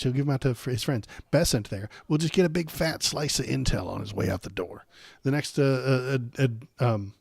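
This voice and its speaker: A man's voice: medium pitch, creaky, darkish tone, no room sound, clean studio sound. Blunt, sarcastic man ranting with a sore throat. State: coming down with a cold, throat bothering him. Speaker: political livestream host. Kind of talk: ranting political commentary.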